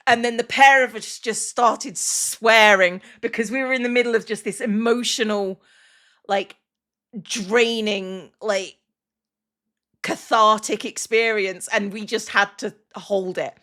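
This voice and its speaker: Bright, chatty woman streamer. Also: medium pitch. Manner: chatty and emotional, with many restarts and "like" fillers. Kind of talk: casual chat on a livestream.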